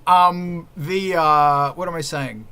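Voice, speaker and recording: Aussie guy hosting a stream, bright forceful voice, jokey and sweary. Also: on the high side, slow, clean tone. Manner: joking, crude, loud swings in volume. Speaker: livestream host. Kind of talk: casual chat.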